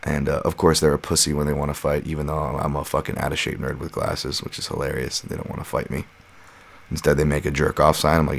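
A man's voice: rumbling low, quick pace, vocal fry. A man in his thirties hosting a solo podcast, talking casually in a profane, rambling, ranting way. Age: 30s. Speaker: podcast host and fight analyst.

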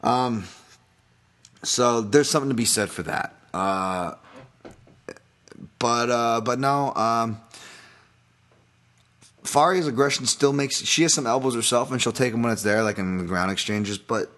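A man with a medium-pitched, slightly bright voice hosts a casual solo podcast, breaking down fights at an unhurried pace with frequent pauses. He rambles and pokes fun at himself, full of fillers and restarts, in the manner of a fight analyst.

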